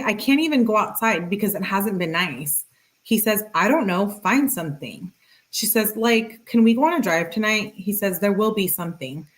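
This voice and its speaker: A woman hosting a commentary video, reading text messages aloud in a plain, unhurried way with dry asides. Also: mid-range voice, expressive.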